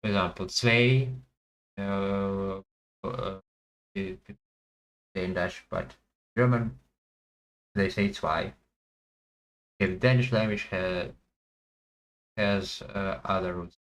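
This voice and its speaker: A man thinking aloud as he plays a language guessing game, hesitant and full of pauses and fillers. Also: low-pitched, animated, poor audio. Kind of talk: thinking aloud while playing.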